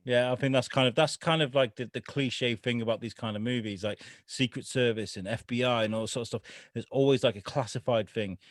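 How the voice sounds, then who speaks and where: A man co-hosting a casual podcast, swearing freely and breaking into mocking, exaggerated impressions of people. His voice sits at a middle pitch. It is recorded dry and close, with almost no room sound. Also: a little fast, no echo. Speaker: podcast co-host. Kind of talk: casual chat.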